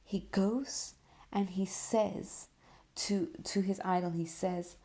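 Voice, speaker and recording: A woman hosting a podcast, giving a Torah lesson as a story, full of rhetorical questions and soft dips for emphasis. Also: mid-range voice, measured pace. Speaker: podcast host and Torah teacher.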